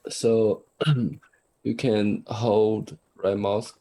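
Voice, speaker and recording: A man who is a student game developer, quietly explaining the controls of his game to a host. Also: lowish voice, flat delivery, extremely slow, slight background noise, rough recording.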